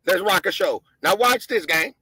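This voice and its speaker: A man hosting a show, giving heated, profane commentary on video footage and often breaking into shouts as he talks to his viewers. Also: high voice, expressive, normal speed, slightly rough, no room sound, rough recording. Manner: impassioned, shouting, profane, addresses viewers as gang.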